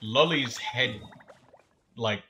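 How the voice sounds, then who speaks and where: A man's voice: medium pitch, very slow, bright, forceful tone, slight background noise. A man streaming a game, chatting casually, swearing and laughing at his own jokes. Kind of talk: casual gameplay commentary.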